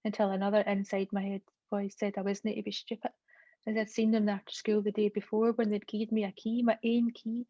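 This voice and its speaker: A lonely five-year-old Glasgow girl tells her own story in a Glaswegian accent, as a woman reads her aloud. The telling is childlike and even, kept flat in pitch. It comes through a dull, lo-fi, dry recording. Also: dry recording, natural voice. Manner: childlike first-person storytelling. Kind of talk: reading aloud from a novel.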